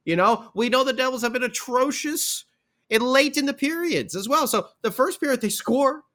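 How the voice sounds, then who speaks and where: A man hosting a podcast, recapping a hockey game in a rambling, animated way with lots of fillers and restarts. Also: extremely high pitch, normal speed. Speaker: podcast host.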